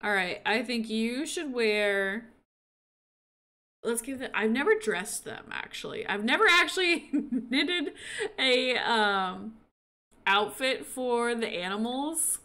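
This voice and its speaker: A woman streaming a life-simulation game with casual commentary, excitable and breaking into gushing squeals over the animals, a little sniffly. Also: fairly high pitch, slow.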